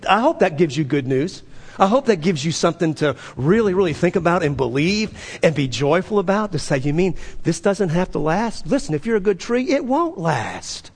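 A man preaching in a high voice that swings up and down with every point, with a long ringing reverb around it. He repeats phrases to drive them home and asks his listeners rhetorical questions. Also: expressive, brisk, breathy edge. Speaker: pastor. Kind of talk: sermon.

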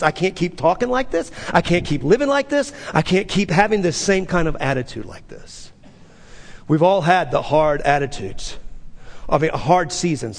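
A man's voice: sits high, vocal fry, big-room sound. A middle-aged man preaching a sermon, driving points home with repeated phrases and rhetorical questions. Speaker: pastor.

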